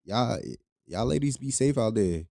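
A man's voice: mid-range voice, lively intonation, a little slow, gravelly, dark tone, dry recording, clean studio sound. A young man hosting a casual podcast, talking loosely with lots of profanity and laughing between lines. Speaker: podcast host. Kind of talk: casual solo podcast commentary.

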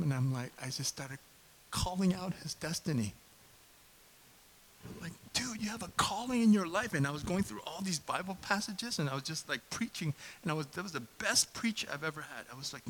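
A middle-aged man preaching a casual sermon in a church, chatty and self-deprecating, bursting into loud impassioned preaching when he gets going. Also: a little high, slight background noise, poor audio. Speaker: pastor. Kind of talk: conversational sermon.

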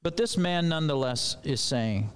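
A man's voice: on the high side, animated, normal speed, smooth. A man preaching a sermon in a loose, conversational way with rambling asides.

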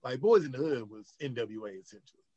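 A man's voice: mid-range voice, animated, fast talker, warm tone, dull audio. A man co-hosting a casual movie podcast, easygoing and joking as he acts out quotes. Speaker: podcast co-host.

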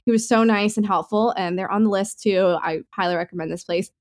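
A woman co-hosting a podcast in casual, easygoing chat. She rambles in an upbeat way and leans on fillers as she talks. Her pitch sits in an ordinary middle range. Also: brisk. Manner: chatty, filler-heavy, upbeat. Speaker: podcast co-host.

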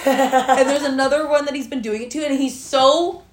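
A woman's voice: high voice, moderate pace, roomy sound, slight background noise. A young woman co-hosting a casual podcast chat, telling funny stories with lots of giggling. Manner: giggly, animated storyteller. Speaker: podcast co-host.

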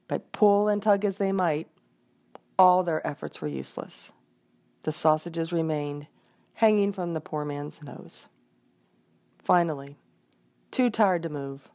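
A woman's voice: low voice, gravelly. Woman reading a folk tale aloud. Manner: expressive, voices the characters. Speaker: storyteller.

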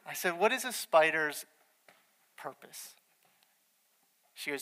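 Young male preacher, bright tone, storytelling manner, long reverb from a church hall. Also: high-pitched, moderate pace, pauses often. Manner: storytelling, animated, quoting his wife in dialogue. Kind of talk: sermon.

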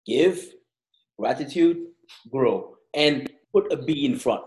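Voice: mid-range voice, expressive, slow pace, darkish tone, poor audio. Friendly interviewer, laughs a lot, asks long questions.

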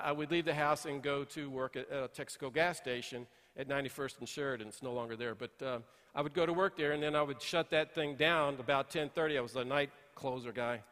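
A middle-aged man preaching a sermon, telling folksy stories and swinging between hushed asides and emphatic points. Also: fairly high pitch, in a large hall. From Texas. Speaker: pastor. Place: church sanctuary.

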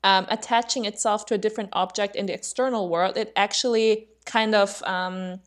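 A woman's voice: mid-range voice, steady tone, moderate pace. Non-native woman explaining, searching for words. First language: not English. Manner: thoughtful, searching for words, uses fillers. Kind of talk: casual explanatory chat.

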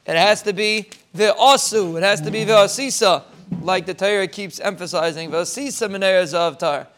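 A man's voice: sits high, a bit bright. A man, giving an informal Torah talk that he explains step by step. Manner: explains step by step, ends in a fast rising string of blessings. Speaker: rabbi giving a short Torah thought.

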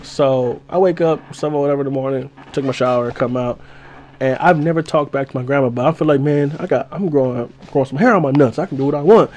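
A young man in casual podcast talk, telling a story with lively sound effects and a voice that climbs when he gets excited. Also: medium pitch, fast talker, slight background noise. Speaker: podcast host.

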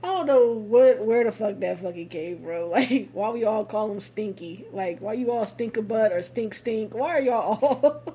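A woman co-hosting a podcast in casual chat, laughing constantly and talking in animated slang. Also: fairly high pitch, normal speed, few pauses, a little hiss or hum. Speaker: podcast co-host.

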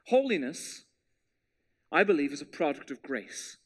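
A man preaching a sermon as pastor, in a conversational style that drops to hushed tones for scripture. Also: a little high, big pitch swings, a little slow.

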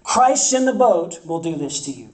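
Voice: medium pitch, sing-song, normal speed, darkish tone, echoey room, distant mic, rough recording. A campus ministry preacher delivering an emphatic sermon, repeating phrases for effect.

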